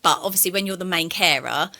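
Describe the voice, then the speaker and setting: A young woman speaks quickly with a bright, forward tone. She chats openly, telling stories with plenty of fillers. The delivery is a casual interview exchange. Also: fairly low pitch. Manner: candid, chatty storyteller with fillers. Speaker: podcast guest.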